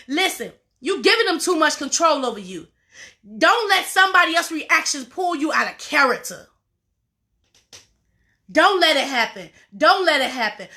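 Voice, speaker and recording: High bright-voiced woman coach, preachy and repeats herself a lot. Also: expressive, moderate pace. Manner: preachy, repetitive, emphatic. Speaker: life coach. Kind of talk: motivational talk to camera.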